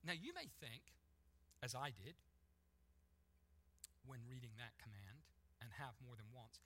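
Bright-voiced man preaching emphatically. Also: mid-range voice, animated, measured pace, pauses often. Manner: emphatic, building to forceful peaks. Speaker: pastor. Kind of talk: sermon.

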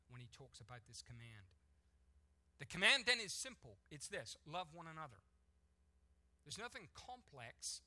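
Bright-voiced man preaching emphatically. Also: fairly high pitch. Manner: emphatic, building to forceful peaks. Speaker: pastor. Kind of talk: sermon.

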